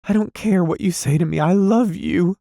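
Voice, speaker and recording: A man's voice: high voice, normal speed, vocal fry, mellow, no echo, clean studio sound, voice pushed up. A man reading an audiobook, voicing a tearful young woman who pleads and begs her lover. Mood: pleading. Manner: imploring, tearful.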